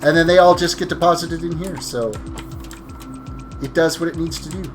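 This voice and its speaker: A fairly high-pitched man speaks at normal speed in a steady tone, soft music in the background. Tired and streaming a game live, he chats casually with his viewers, meandering and fixing his own words as he plays.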